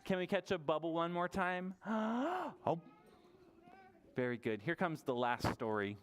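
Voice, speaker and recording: A man running a toddler story time in a library, his voice smooth and clear and pitched a little high. He talks in an animated, sing-song way, cheering on the little ones. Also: fairly quick. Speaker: children's librarian. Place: public library room.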